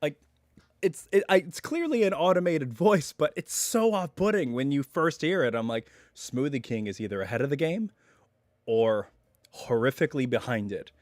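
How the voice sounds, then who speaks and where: A man hosting a casual live stream from home, chatting in a rambling way full of asides, his voice still a little hoarse as it recovers. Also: medium pitch, animated, normal speed, no echo, studio quality.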